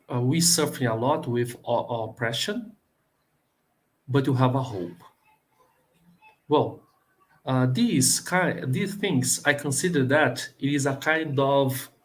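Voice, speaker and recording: Halting Brazilian-accented man. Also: mid-range voice. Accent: Brazilian Portuguese. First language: Portuguese. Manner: earnest, halting with many fillers and restarts. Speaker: plenary speaker, professor. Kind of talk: live online talk answering questions.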